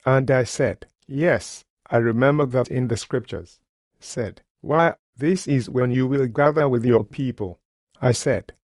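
A man's voice: mid-range voice, darkish tone, no room sound. Man, folksy preacher, dry close recording. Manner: folksy, nonstandard grammar. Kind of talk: sermon storytelling.

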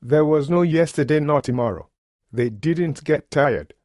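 A man's voice: on the high side, animated, a little slow, darkish tone, dry recording, studio quality. A man telling a story in a folksy sermon, speaking in plain, homespun grammar. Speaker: preacher.

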